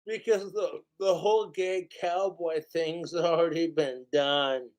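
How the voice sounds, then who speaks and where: Heated, profane man ranting slowly. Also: fairly high pitch, fairly even intonation, darkish tone. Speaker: podcast host. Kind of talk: casual ranting commentary.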